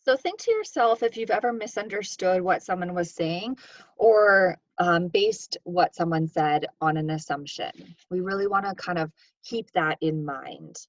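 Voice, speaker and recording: A woman with a fairly low, animated voice co-presents a workshop at a measured pace, guiding listeners through examples and reading sample sentences with shifting stress. The recording is dry and dull, from a lo-fi mic.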